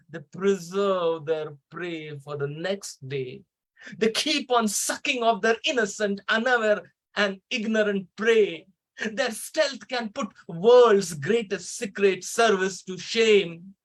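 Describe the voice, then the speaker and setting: A man with an Indian English accent performs a comic poem in a high voice. He takes it slowly, with mock gravity and the odd sudden loud burst. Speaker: poet reciting. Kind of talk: humorous poetry recital.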